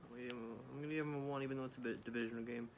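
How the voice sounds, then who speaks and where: Soft-spoken ASMR host, male, gravelly timbre, chatty and self-correcting, noisy close-mic take. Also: medium pitch, steady tone, rapid-fire.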